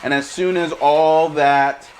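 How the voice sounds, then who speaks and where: Slow-talking chef savoring his food. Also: fairly high pitch, a little hiss or hum. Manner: talks with mouth full, lots of savoring hums; slow, relaxed delivery. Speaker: chef, cooking show host. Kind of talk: casual cooking demo and taste test.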